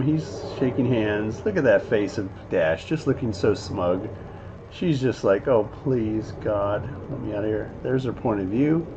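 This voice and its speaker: A man talks slowly through an animated scene like a teacher, filling gaps with "you know" and "um" and acting out the characters' lines. The recording is a bit dull and lo-fi. A faint noise runs underneath. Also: mid-range voice. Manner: rambling, many fillers, acts out the characters' lines. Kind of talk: casual scene breakdown. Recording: slightly dull lo-fi audio with faint background noise.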